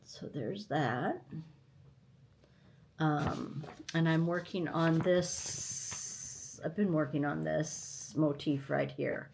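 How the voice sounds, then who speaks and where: An older woman hosting a stitching vlog from home, chatting in a rambling, unhurried way while tired and recovering from illness. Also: low voice, creaky, noisy background. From United States. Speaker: stitching channel host. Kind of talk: casual vlog chat.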